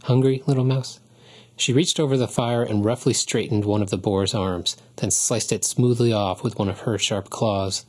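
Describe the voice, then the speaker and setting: Low, husky male audiobook narrator. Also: normal speed, few pauses.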